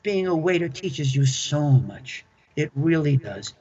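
With a dark tone and a slightly high, expressive voice, this older interview guest speaks a little slowly. He used to manage a club, and he enthusiastically recounts stories from that career, repeating himself often; the lo-fi recording is dull.

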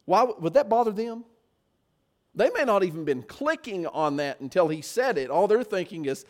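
A man's voice: high voice, sing-song, normal speed. A man preaching a sermon, often putting rhetorical questions to his listeners.

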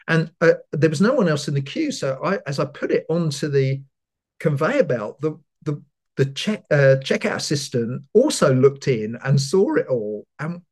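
A man, a pastor and author, tells a lively personal story in an interview and acts out the voices of people in it. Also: a little high, moderate pace, slightly rough. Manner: animated storyteller, acting out quoted voices.

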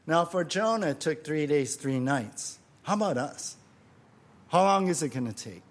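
A man's voice: fairly high pitch, animated, normal speed. A male pastor preaching a sermon, emphatic, often repeating phrases and asking the congregation rhetorical questions.

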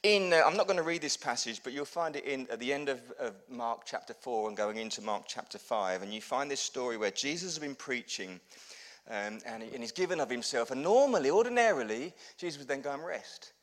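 A pastor preaches a sermon, telling humorous stories. He swings from loud bursts to hushed lows, and his delivery is animated and brisk.

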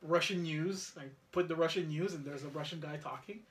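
A man's voice: a little high, a little fast, a crowd in the background. A man co-hosting a podcast, telling a family story in casual chat and acting out the lines of the people in it. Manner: animated storyteller, acts out his son's lines. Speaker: podcast co-host.

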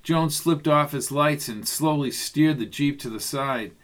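A man's voice: fairly high pitch, a little slow, fairly bright tone. Man narrating a mystery audiobook. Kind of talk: scripted narration.

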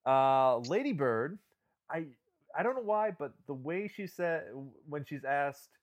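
A man hosting a casual film chat, talking haltingly with many restarts and laughing as he retells jokes. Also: fairly high pitch, sing-song, dull audio.

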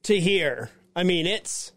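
A man's voice: high voice, slow. A man in his thirties co-hosting a podcast, telling stories in casual, profane banter. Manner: profane, storytelling, animated. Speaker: podcast co-host.

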